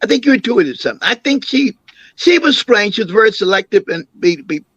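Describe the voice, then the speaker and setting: An older man recounts family memories in an interview, telling them with animated swings of a slightly high voice. His recording sounds dry and a little dull. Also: fairly quick, slightly rough, dry recording. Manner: animated storyteller, acts out quoted voices. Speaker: imam and city councilman, interview guest.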